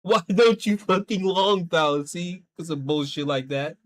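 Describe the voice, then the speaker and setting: A man with a notably high voice chats with viewers while he plays a game. His talk is rambling and loose, heavy with swearing as he vents. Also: moderate pace. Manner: profane, rambling, animated venting. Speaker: streamer. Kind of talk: casual livestream chat while gaming.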